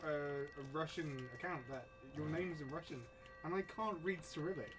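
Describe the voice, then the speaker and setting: A man's voice: on the high side, normal speed. A man co-hosting a game stream, making joking asides and reading out chat messages. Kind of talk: casual live-stream banter. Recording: game music under the voice.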